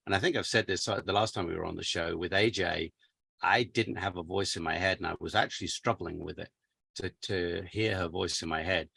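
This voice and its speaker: An English man, an audiobook narrator, chatting casually and relaxed, with plenty of fillers. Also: deep voice, a little fast, creaky, husky, no echo. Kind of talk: casual conversation.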